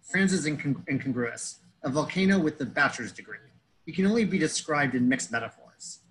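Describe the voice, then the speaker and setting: A man's voice: on the high side, animated, fairly quick, fairly bright tone, poor audio. A man telling a comedic story in a pedantic, wordy way, fussing over grammar and metaphors.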